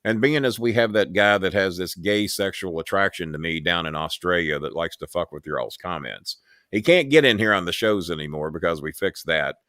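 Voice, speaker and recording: A man's voice: sits low, dry recording. Swearing guy hosting a live show, swings his voice all over, dry close sound. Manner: blunt, heavy swearing, animated retelling. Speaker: show host. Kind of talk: profane live-show storytelling.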